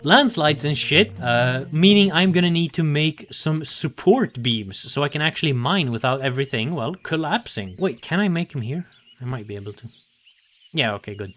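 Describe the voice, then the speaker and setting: A young man talks his way through a survival game in casual commentary, muttering to himself. He swears freely and grumbles in exasperation when things go wrong. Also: on the high side. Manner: sing-song baby talk to animals. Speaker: gaming video creator.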